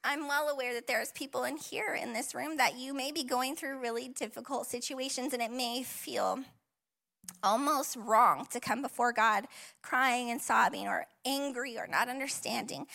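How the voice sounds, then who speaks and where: A woman pastor sharing her own story from the pulpit in a bright, ringing voice that sits a little high. She speaks conversationally with fillers and little laughs, and is tender and close to tears. She gently encourages the listeners who are hurting. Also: moderate pace, vocal fry. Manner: emotional, tearful at times, warm and encouraging. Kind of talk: personal testimony sermon. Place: church auditorium.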